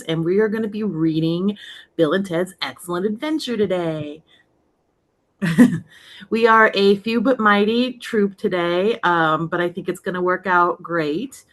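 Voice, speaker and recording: A woman's voice: lowish voice, measured pace. A woman hosting an online script reading and narrating its stage directions, upbeat and laughing often.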